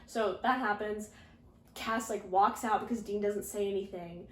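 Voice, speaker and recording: A woman chatting through a recap in a loose, rambling way, with "like" in nearly every phrase and dry, sarcastic asides. Her voice sits at an ordinary middle pitch. The room around her adds a clear echo. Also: fairly even intonation, unhurried, background noise. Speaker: video essayist recapping a fanfiction. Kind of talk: casual recap.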